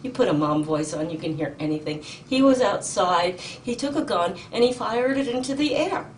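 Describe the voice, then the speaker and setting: A woman's voice: medium pitch, expressive. Indignant woman testifying in court. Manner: urgent, indignant, halting with ums and restarts. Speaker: petitioner in court. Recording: distant mic with faint noise.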